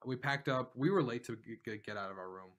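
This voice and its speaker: A man's voice: mid-range voice, fast talker, a bit bright. A man co-hosting a casual podcast, telling a long, rambling story with frequent laughs and lots of "like". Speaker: podcast co-host. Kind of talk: casual chat.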